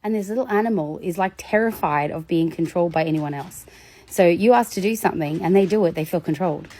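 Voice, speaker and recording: A woman giving a casual educational talk about children, lively and storytelling, acting out examples. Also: quick pace. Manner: animated, acts out examples with big pitch jumps and laughs. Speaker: educator on demand avoidance in children.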